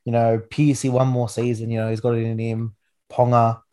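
A man in his twenties with an Australian accent hosts a casual rugby league podcast chat, talking enthusiastically and rambling with lots of restarts. His voice is mid-range and dark, with a level tone at normal speed.

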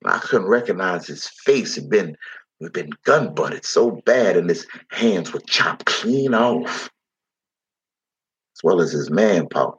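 A man's voice: deep voice, animated, slow pace. A man telling a dramatic first-person story in heavy dialect, slipping into the voices of the people in it. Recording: dull lo-fi recording.

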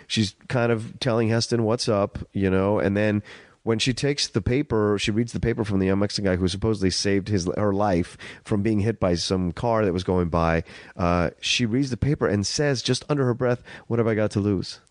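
Low-voiced man discussing a film. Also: no room sound, clean studio sound. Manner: enthusiastic, quick, agreeable. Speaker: podcast co-host.

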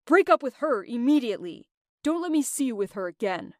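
A woman's voice: a little high, sing-song, a little fast, a little mellow, no room sound, clean studio sound. A woman voicing a stern wealthy father who speaks with cold contempt and gives orders. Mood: scornful. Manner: contemptuous, commanding.

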